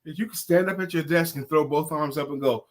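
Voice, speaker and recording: A man's voice: fairly high pitch, quick pace. A man, from Brooklyn, co-hosting a casual live stream and teasing his co-host in playful banter. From Brooklyn, New York.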